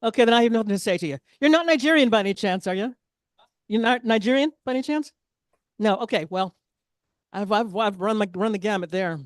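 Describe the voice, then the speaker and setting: A woman's voice: mid-range voice, expressive, brisk, dry recording, studio quality. A woman performing a stand-up comedy set, chatty and self-deprecating, with asides to the audience.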